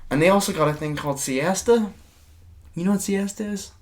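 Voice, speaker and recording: A young man co-hosting a casual chat podcast, ranting in an animated way and swearing freely. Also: high voice, brisk. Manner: ranting, animated, swears freely, drifts into mock-dramatic outbursts. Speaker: podcast co-host.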